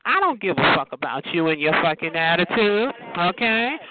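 A man's voice: sits high, very animated, moderate pace. A man trash-talking over a phone chat line in a sassy, taunting manner. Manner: sassy, taunting, repeats "bitch" and "honey". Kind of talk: aggressive phone trash talk. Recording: tinny phone line with loud hiss.

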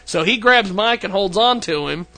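A man hosts a loose, casual talk show and tells a story with lots of energy, acting out the quotes as he goes. His voice sits very high and bright, and his pitch swings widely. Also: moderate pace. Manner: animated storyteller, acts out quotes, laughs often. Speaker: podcast host.

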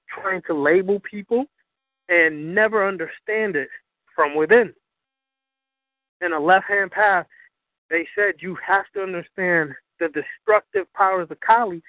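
A high-voiced man preaches hard and swears freely, pressing each point with emphatic force. His voice comes through a thin, tinny phone line with no room sound at all. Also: dry recording. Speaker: spiritual teacher. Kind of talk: impassioned lecture on a call-in broadcast.

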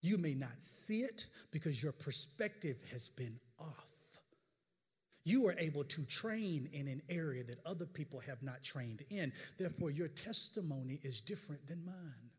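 High-voiced pastor preaching in a reverberant hall. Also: male voice, moderate pace, slightly rough. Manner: animated storytelling with stammered repeats. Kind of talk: sermon.

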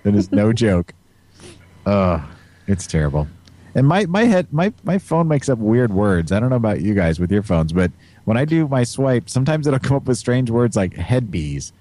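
A low, mellow man hosts a podcast in a rambling, jokey way. His voice swings up and down a lot, and he giggles between thoughts. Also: big pitch swings, normal speed. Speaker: podcast host. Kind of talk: casual chat.

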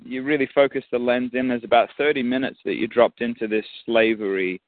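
A man's voice: mid-range voice, fairly even intonation, a little fast, no room sound. A man with an Australian accent, a musician and actor talking thoughtfully as an interview guest, often restarting his sentences. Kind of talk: casual interview. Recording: dry, phone-like line.

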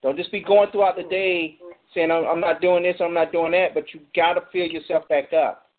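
A man with a slightly higher voice hosts a Bible study call, urging the group on with short, preacherly exhortations. His voice comes through thin and tinny, like a phone line. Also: level tone, brisk. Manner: encouraging, preacherly, gives exhortations. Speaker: Bible study leader and host. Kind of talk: encouraging church talk on a group call.

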